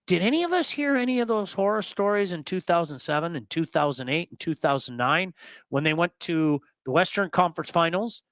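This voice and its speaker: A man hosting sports talk radio in an emphatic, animated way. His voice sits somewhat high for a man. The sound is dry and close, with no room around it. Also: no room sound. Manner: emphatic, animated storyteller who repeats words for effect.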